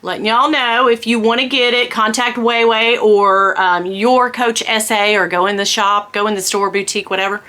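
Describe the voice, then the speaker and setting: A middle-aged woman vlogger in a casual unboxing chat, gushing and excitable, calling her viewers "girl" and dropping into whispered asides. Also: fairly high pitch.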